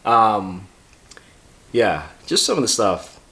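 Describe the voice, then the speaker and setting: A man's voice: lowish voice, big pitch swings, slow pace, a bit bright. A man with a Boston accent, co-hosting a podcast and telling stories in a rambling, hesitant way with many fillers. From Massachusetts. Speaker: podcast co-host. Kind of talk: casual chat.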